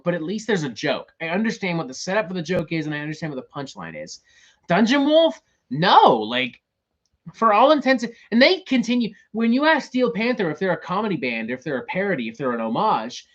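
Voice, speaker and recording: A man's voice: a little high, a bit bright, dull audio. A man hosting a show, ranting in casual talk, profane and exasperated. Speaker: host.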